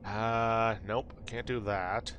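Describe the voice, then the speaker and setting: A man's voice: fairly low pitch, little pitch movement, takes it slowly, fairly bright tone, dull audio, slight background noise. A man hosting a game playthrough, reading the game's text aloud and adding wry, dry asides. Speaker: let's play host.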